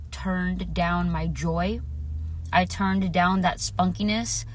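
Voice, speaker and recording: A woman vlogger telling a personal story in a casual, earnest way, repeating phrases for emphasis and affirming her viewers directly. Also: lowish voice. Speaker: spiritual vlogger.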